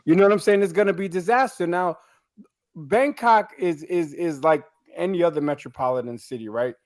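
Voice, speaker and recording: A man's voice: a little high, moderate pace, no room sound, clean studio sound. A man on a podcast panel telling blunt stories from life abroad in casual talk, often asking "you know what I'm saying".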